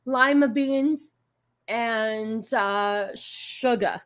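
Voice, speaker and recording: A woman's voice: a little high, drawn-out words, fairly bright tone. A woman imitating an overwrought middle-aged woman talk-show host.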